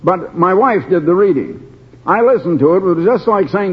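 An older man preaching a slow, deliberate Bible study sermon with many pauses and restarts, heard over a tinny broadcast. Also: high voice, animated, slightly rough. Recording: tinny phone-like radio broadcast.

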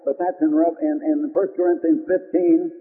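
A man's voice: fairly high pitch, flat delivery, moderate pace. An older man preaching a sermon, emphatic, repeating key phrases for weight. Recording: phone-like old radio broadcast with long reverb.

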